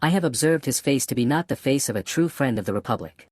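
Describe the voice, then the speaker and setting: A man's voice: medium pitch, expressive, quick pace, dry recording, studio quality, natural voice. A man voicing stern, contemptuous Madame Defarge. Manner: contemptuous, cold and insistent. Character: Madame Defarge, stern vengeful wine-shop woman.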